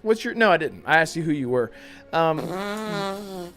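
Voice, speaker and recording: A man's voice: high-pitched, lively intonation, unhurried, bright, forceful tone. A chatty male podcast host with a slightly raised voice, laughing easily as he talks. Faint music plays underneath. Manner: chatty, laughs often, reads chat aloud. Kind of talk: casual podcast chat.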